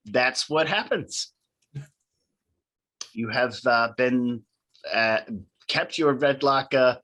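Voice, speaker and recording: A man's voice: medium pitch, fairly bright tone. Man narrating as game master. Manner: loose narration with frequent ums and uhs.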